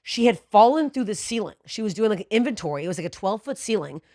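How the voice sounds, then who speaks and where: A woman co-hosting a podcast, telling a story in a profane, animated way that swings from low muttering to loud bursts. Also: fast talker, no echo, clean studio sound. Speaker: podcast co-host. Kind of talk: storytelling in casual podcast chat.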